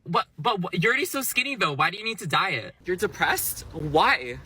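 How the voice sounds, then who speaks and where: A woman's voice: lowish voice, very animated, bright, forceful tone, breathy edge, voice pushed up, exaggerated voice. A man doing a dismissive, tactless young woman. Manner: dismissive, quick-tongued.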